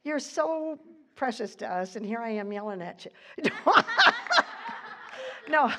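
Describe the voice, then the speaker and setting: Fervent woman preacher, high voice. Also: animated. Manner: fervent, emphatic preaching with laughs; reads scripture slowly and deliberately. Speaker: pastor. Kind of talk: sermon.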